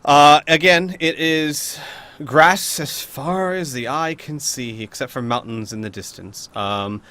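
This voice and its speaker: A man serves as game master for a tabletop game, narrating casually with frequent hesitations and many fillers. His voice is fairly high, pushed, and bright, and he takes his time.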